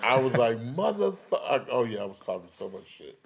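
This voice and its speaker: A man, a guest comedian, chatting casually on a podcast and telling animated stories with bursts of loud impressions. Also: fairly low pitch, quick pace, vocal fry. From San Diego.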